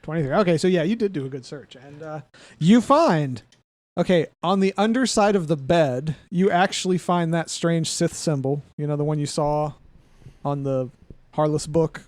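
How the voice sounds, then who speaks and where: A man's voice: fairly high pitch, moderate pace, dry recording. A man running a tabletop role-playing game as game master, narrating with frequent laughter. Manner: laughs often, relaxed narration.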